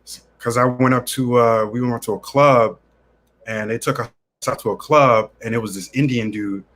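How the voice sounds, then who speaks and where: A man, a guest in a casual interview, telling lively, slang-filled stories about how he started traveling. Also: mid-range voice, normal speed. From New York City.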